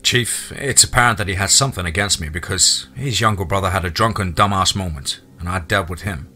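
A man's voice: sits low, fairly quick, sharp tone. A man voicing a blunt, practical ex-military male farmer. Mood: frustrated.

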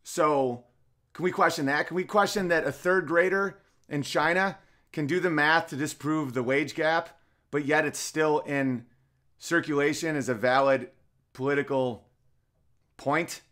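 A man's voice: on the high side, measured pace, fairly bright tone. A middle-aged man hosting a casual comedic podcast, firing off sarcastic rhetorical questions. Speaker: podcast host.

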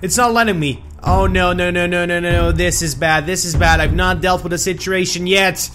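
A young man giving excited, loud gameplay commentary as a gaming video host. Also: sits high, normal speed. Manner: hyped, loud exclamations and laughter. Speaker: gaming YouTuber. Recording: background music under voice.

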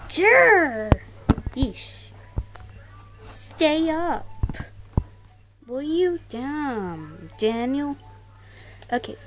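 A woman doing casual let's-play commentary to her viewers, excitable, exclaiming and mildly swearing, recorded on a tablet. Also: high-pitched, extremely slow, long pauses, background noise. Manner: talks straight to viewers. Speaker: gaming YouTuber.

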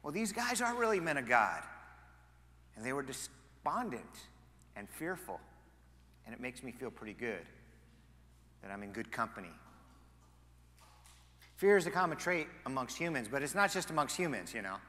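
A male pastor preaching a sermon, animated, moving between loud emphasis and quiet asides. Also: medium pitch, normal speed, pauses often, in a large hall. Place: church sanctuary.

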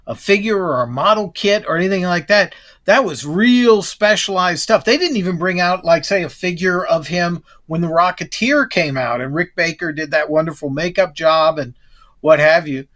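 Talkative man with a fairly high voice. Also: moderate pace, fairly bright tone. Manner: rambling, restarts and trails off. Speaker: podcast guest. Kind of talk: casual chat.

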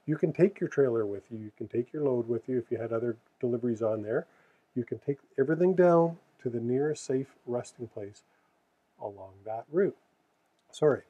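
A man's voice: mid-range voice, moderate pace, breathy edge, narrow, tinny audio. A man explaining trucking safety rules in a casual, earnest way, stressing key words and correcting his own slips.

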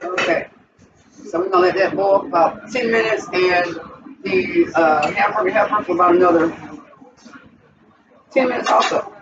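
A woman's voice: lowish voice, moderate pace, long pauses. A woman hosting a casual cooking vlog in her home kitchen, chatting the viewer through each step. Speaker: cooking channel host. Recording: distant, dull, noisy home recording.

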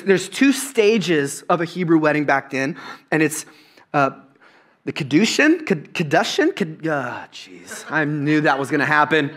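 A man preaching a sermon as pastor, telling the story with jokes and animated asides to the congregation. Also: a little high. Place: church stage.

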